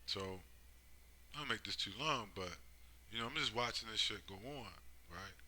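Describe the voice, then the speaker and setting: A man's voice: lowish voice, normal speed, pushed and bright, poor audio. A man giving a rambling, profane monologue, driving his points home with constant tag questions. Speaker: commentator. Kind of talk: casual monologue.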